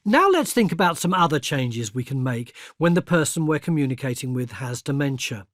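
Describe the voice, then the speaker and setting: An older man narrating a scripted educational video, explaining patiently and clearly and speaking example phrases kindly. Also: medium pitch, very animated, normal speed, dry recording, studio quality. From England. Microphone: close studio mic.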